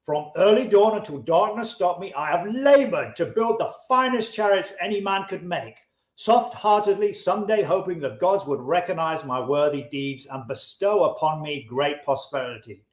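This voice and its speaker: A man's high-pitched, lively voice moves at normal speed as he reads the part of an earnest, discontented chariot maker. The old-fashioned English comes with passion in this audiobook-style classic reading, and the room echo is noticeable.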